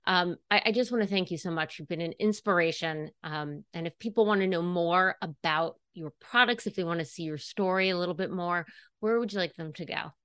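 A woman's voice: lowish voice, brisk, clear, resonant tone, dry recording. A woman hosting a podcast interview, talking in a chatty, filler-heavy way. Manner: chatty, warm-hearted, many fillers. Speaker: podcast host. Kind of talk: casual interview chat.

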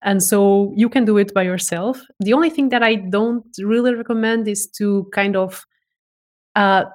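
A woman talking as a voice expert in a relaxed interview. She is eager and animated in her explanations, often restarting and repeating words as she goes. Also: medium pitch, normal speed. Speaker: voice expert guest. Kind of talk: casual interview chat.

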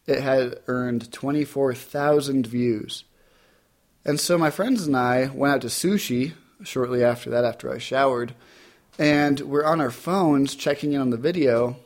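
A young adult man telling a personal story in a casual way, acting out what people said. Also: medium pitch. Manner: lively, acts out quoted voices.

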